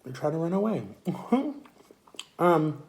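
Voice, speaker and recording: A man's voice: on the high side, slow, gravelly, noisy background. Rambling young man vlogging his story. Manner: rambling, repetitive, animated retelling. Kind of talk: casual storytelling to camera.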